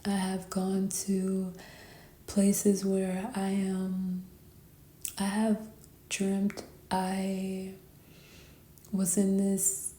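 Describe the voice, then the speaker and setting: A tired woman giving a spiritual tarot reading, talking sleepily and softly, often half whispering. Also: mid-range voice, monotone, reverberant. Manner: sleepy, slow and soft-spoken, often whispering. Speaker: tarot reader.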